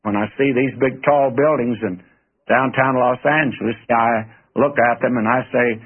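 A man's voice: medium pitch, fairly even intonation, moderate pace, breathy edge. A man preaching a radio sermon in a folksy, earnest way, talking straight to his listeners. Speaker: radio Bible teacher. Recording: tinny phone-like radio broadcast.

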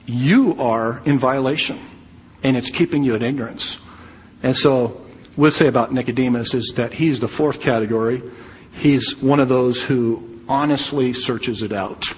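A man's voice: mid-range voice, a little slow, slight background noise. A man preaching a verse-by-verse sermon, teaching in a conversational way with asides and fillers. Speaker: pastor. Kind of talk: expository sermon. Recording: long reverb, faint ambience.

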